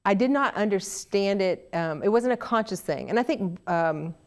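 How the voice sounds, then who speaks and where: A middle-aged woman from Oklahoma with a Southern Oklahoma accent, telling stories in a casual interview, animated and chatty with many restarts. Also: medium pitch, moderate pace. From Oklahoma, USA. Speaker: interview guest, actress.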